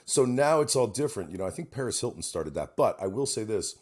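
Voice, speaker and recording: Animated, low-voiced middle-aged man. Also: fast. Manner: animated storyteller, swears freely. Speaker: podcast co-host. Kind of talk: casual chat.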